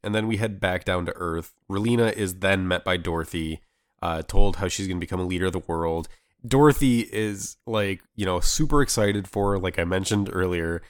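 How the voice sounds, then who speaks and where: Brief: young man, very low voice, dry close sound, laid-back anime recap host. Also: moderate pace, no echo. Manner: relaxed, rambling recap with fillers and restarts. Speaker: podcast co-host. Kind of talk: casual anime recap chat.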